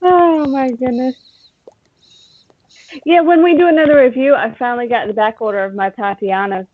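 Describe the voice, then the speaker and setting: A bubbly co-host chats and laughs easily on a relaxed show. The sound is dry and close, with a slightly dull, lo-fi tone. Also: medium pitch, fast talker, no room sound. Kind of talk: casual chat.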